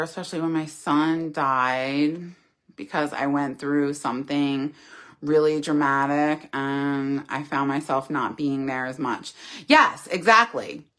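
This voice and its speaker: A woman's voice: deep voice, a bit bright. A middle-aged woman hosting a casual live chat, reading viewers' comments aloud and answering them earnestly and candidly.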